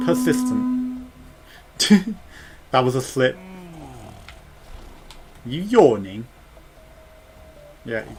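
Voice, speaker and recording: A man talking his way through a video game in casual commentary, his pitch bouncing up and down as he reacts. He thinks aloud and drops quiet muttered asides between the bigger moments, with a faint hiss in the background. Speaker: let's play gamer.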